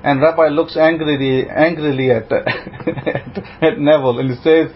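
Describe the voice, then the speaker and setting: A male rabbi telling a story in a sermon, acting out the quoted lines with animated delivery. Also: a little high, normal speed, breathy edge. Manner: animated retelling with voiced quotes, laughs now and then. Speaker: rabbi teaching a congregation. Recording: dull lo-fi sound with faint noise.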